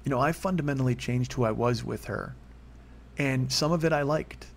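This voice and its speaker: Speaking at normal speed with medium pitch and vocal fry, a man in his forties tells a personal story alone. It's a rambling, candid confession, and his voice leaps upward when emotion takes hold. Slight hiss or hum is audible.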